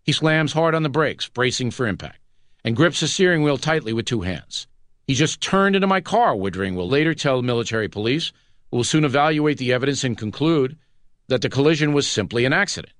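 A man narrating a nonfiction audiobook in a measured, dramatic scripted read. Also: mid-range voice, fairly bright tone, no echo, studio quality.

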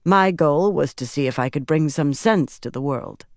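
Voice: mid-range voice, normal speed, no room sound, clean studio sound, lightly acted. A narrator voicing a proud queen who speaks firmly and defiantly. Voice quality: proud and firm.

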